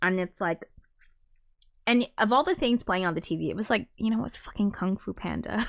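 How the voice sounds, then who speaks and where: A woman hosts her own live stream and chats loosely with viewers between songs. She rambles, leans on fillers and swears freely, and she often reads viewer comments aloud. Her voice sits at a medium pitch. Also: a little fast, creaky. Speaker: musician streamer. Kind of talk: casual live-stream chat.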